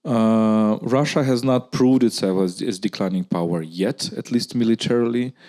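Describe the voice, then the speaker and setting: A man with a Ukrainian accent speaks as a guest at a live public conversation, his voice on the low side and darkish in tone at normal speed. He argues earnestly and often restarts his sentences.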